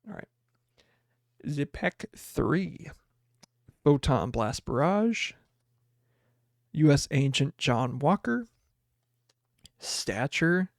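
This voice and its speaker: A young man hosting a podcast, chatting casually and excitedly as he opens card packs and reads the cards aloud. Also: on the high side, extremely slow, creaky, pauses often, dry recording, clean studio sound. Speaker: podcast host. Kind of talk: casual card pack opening chat.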